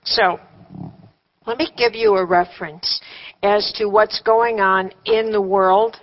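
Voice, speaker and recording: A woman's voice: medium pitch, steady tone, slow pace, highs cut off. A woman teaching a live workshop to a seated group, conversational, with rhetorical questions and wry humor.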